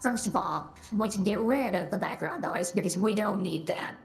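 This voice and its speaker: A man's voice: high-pitched, moderate pace, creaky, a little hiss or hum, pitched above the performer's own voice. A man talking through a voice changer that turns him into a girlish voice, trying out its settings in casual chat. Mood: curious. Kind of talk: casual game-stream chat. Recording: echoey processed voice.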